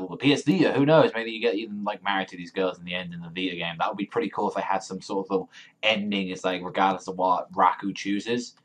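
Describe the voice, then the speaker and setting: A man reviewing a manga chapter in a rambling, excitable rant full of swearing and fillers. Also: low-pitched.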